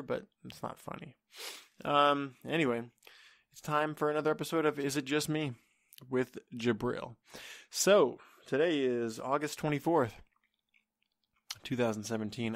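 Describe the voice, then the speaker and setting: A man's voice: mid-range voice, fairly bright tone. A man hosting a solo comedy podcast from his apartment, rambling and swearing with lots of fillers. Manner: rambling and profane, with many fillers. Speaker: podcast host. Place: home apartment. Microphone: desk microphone.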